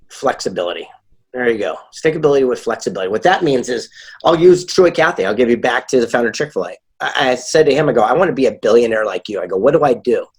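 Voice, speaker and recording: A man being interviewed as a guest author and speaker, telling stories in a lively way and acting out the dialogue he quotes. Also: medium pitch, husky. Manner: animated, acts out quoted dialogue. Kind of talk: casual interview storytelling.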